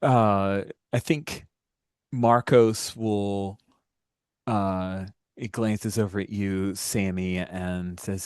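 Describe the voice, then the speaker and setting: A man narrating as game master of a tabletop game, voicing characters and pausing with fillers. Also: low-pitched, level tone, a little mellow, clear, resonant tone, no room sound, studio quality. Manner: voices many characters, hesitant fillers.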